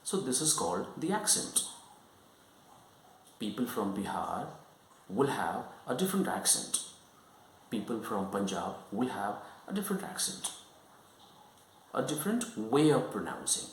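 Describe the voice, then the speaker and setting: A man's voice: lowish voice, big pitch swings, unhurried, long pauses, reverberant, a little hiss or hum, rough recording. Man teaching pronunciation. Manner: repetitive, checks understanding often. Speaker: English teacher. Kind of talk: explanatory lesson.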